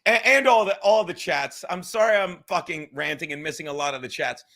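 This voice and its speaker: A man hosting his own podcast, ranting in a heated, profane monologue with quick laughs. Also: a little high, sharp tone. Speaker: podcast host.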